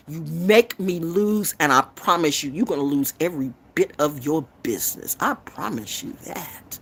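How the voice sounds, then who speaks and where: A woman's voice: low-pitched, animated, moderate pace, few pauses, slightly rough. A woman from North Carolina, hosting a tarot livestream and delivering an unscripted, profane, confrontational rant.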